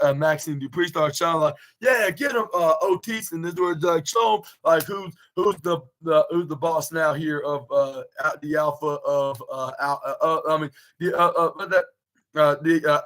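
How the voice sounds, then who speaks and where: A young man talks through a wrestling match move by move in a loose, casual podcast recap. His voice sits a little higher than most men's, and he stumbles through fillers and restarts as he goes. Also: a bit bright, poor audio. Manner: rambling, many fillers and restarts. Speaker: podcast host reviewing wrestling. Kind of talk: casual recap, play-by-play retelling.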